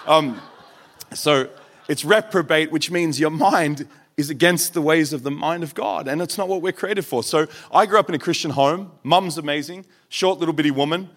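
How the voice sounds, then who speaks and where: A man preaching, telling a personal family story in an earnest way and acting out the people he quotes. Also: fairly high pitch. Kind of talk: sermon testimony.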